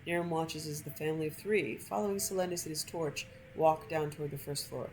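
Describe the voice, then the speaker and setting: A woman gameplay streamer reading a story aloud from a game in a measured, expressive way. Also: low-pitched, a little hiss or hum, poor audio.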